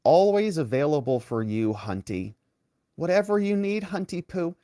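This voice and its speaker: Brief: fawning male staffer, high cooing mock-sweetness, put on by a commentator, dry and close. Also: sing-song, moderate pace, mellow, dry recording. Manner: mocking, syrupy, cooing.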